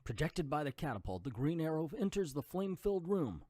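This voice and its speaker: A man's voice: fairly high pitch, very animated, brisk, mellow, no room sound, studio quality. A man reading an old comic book aloud and adding jokey asides. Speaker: comic book reader and commentator.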